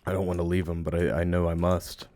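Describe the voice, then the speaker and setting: A man giving let's play commentary, playfully cooing at game creatures and drifting into hushed, musing narration. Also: low voice, flat delivery, quick pace. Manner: playful, coos and baby-talks at game creatures. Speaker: game streamer.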